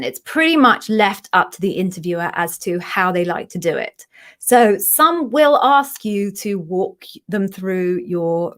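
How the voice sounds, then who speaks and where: A woman hosting a live question-and-answer stream, chatty and encouraging, openly emotional as she answers viewers. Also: mid-range voice. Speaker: livestream host, interview coach.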